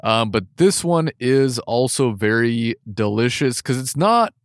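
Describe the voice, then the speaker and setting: A man's voice: mid-range voice, lively intonation, a little slow, smooth, no room sound, clean studio sound. A man co-hosting a casual podcast, reviewing beers with jokes, frequent laughter and trailing restarts. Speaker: podcast co-host. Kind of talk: casual beer review chat.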